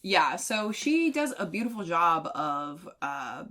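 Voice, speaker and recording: A young woman co-hosting a book vlog, chatting casually and telling stories in an animated, chatty way. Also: lowish voice, slow pace. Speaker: book vlogger, co-host.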